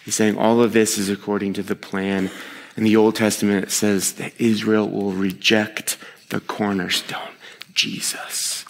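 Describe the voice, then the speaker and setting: A man preaching a sermon as pastor, talking in a lively, conversational way that swings between excited bursts and hushed asides. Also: fairly low pitch, a little slow, gravelly. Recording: long hall reverb.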